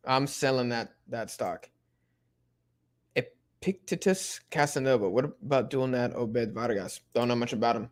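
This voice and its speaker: A young man casually chatting through a live football watch-along, reading and answering chat in relaxed slang. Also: medium pitch, normal speed. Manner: laid-back slang-heavy chatter, many fillers.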